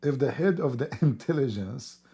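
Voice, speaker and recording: A hoarse man who is losing his voice talks in a rambling, emphatic way during a casual livestream, clearing his throat often. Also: medium pitch, animated, moderate pace, mellow. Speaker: livestream host.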